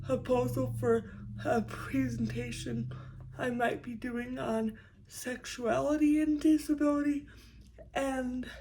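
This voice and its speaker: Young woman, vlogger, hushed and congested, halting delivery with stumbles, gravelly fry at the ends of phrases. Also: fairly high pitch, poor audio. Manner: speaks quietly so roommates won't hear; halting, frequent stumbles and restarts. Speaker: YouTube creator. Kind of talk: casual vlog monologue.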